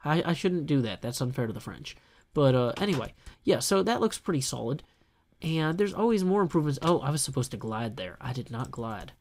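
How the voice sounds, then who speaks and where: A man's voice: mid-range voice, very animated, fairly quick, darkish tone. Man, gameplay host; casual, chatty, self-mocking asides while building. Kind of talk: casual solo gameplay commentary.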